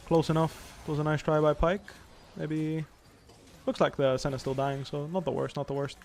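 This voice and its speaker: A young man giving live commentary while playing a video game, thinking aloud in a calm, analytical way. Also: on the high side, normal speed, creaky, slight background noise. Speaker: pro gamer streaming.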